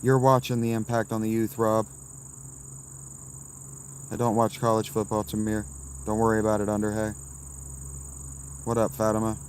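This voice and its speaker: A man in his thirties, live streaming from a campsite and answering his chat with blunt, dismissive, quick replies. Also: on the low side, completely flat delivery, slight background noise. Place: outdoors at a campsite.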